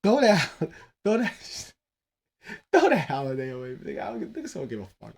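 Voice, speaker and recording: A man's voice: on the high side, wildly swooping pitch, moderate pace, gravelly, husky. Dude in his 30s rambling on his podcast, swears a lot, laughs mid-sentence, pretty loose. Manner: loose, profane, laughing asides. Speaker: podcast host. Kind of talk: casual solo podcast rambling.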